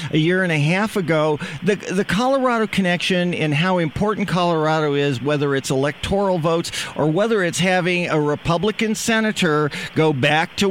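A man's voice: high-pitched, slight background noise. Emphatic talk radio host, man. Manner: emphatic, enthusiastic, repeats words when excited. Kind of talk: political talk radio interview.

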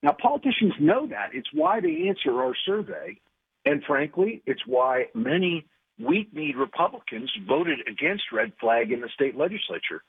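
A man's voice: fairly high pitch, very animated, moderate pace, creaky, husky. A man on the phone as a radio guest, talking in a combative way with many fillers and restarts. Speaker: radio guest, gun rights group leader. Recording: tinny phone line.

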